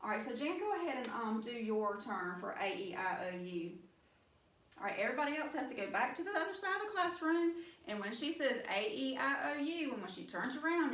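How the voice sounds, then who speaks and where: A woman's voice: fairly high pitch, fairly bright tone, reverberant, distant mic, slight background noise. A woman with a Southern US accent teaching young children a phonics lesson, upbeat and encouraging. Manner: upbeat, encouraging, addresses class with y'all. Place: classroom.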